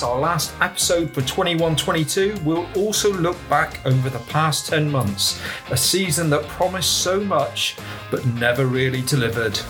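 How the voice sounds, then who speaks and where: A man hosts a casual fan podcast, his voice sitting a little high. He banters easily with friends. A faint guitar plays underneath. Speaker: podcast host. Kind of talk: casual chat.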